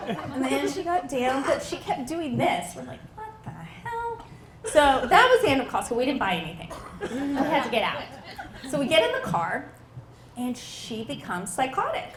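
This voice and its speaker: A woman's voice: high voice, normal speed, roomy sound, crowd noise. A woman comedian telling a family story in a stand-up set outdoors, acting out the people in it as she goes. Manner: animated storytelling, acts out family members. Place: outdoor backyard show.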